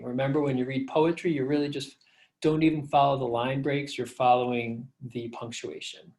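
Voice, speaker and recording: Speaking in a mid-range voice, this middle-aged man gives a laid-back slideshow lecture as a professor, sprinkled with fillers. He slows down when reading lines of verse so the rhythm comes through.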